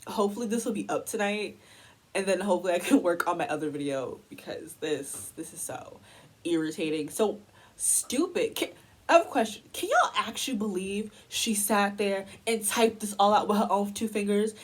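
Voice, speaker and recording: A woman's voice: mid-range voice, animated, normal speed, low-quality recording. A young woman from the United States delivering a heated, exasperated commentary rant as a vlogger.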